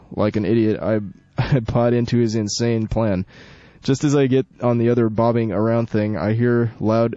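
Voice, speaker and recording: A young man hosting college radio rambles, jokes and corrects himself as he chats casually and reads a story aloud. His voice is mid-range with a dark tone, recorded in a dull, dry lo-fi studio with faint music.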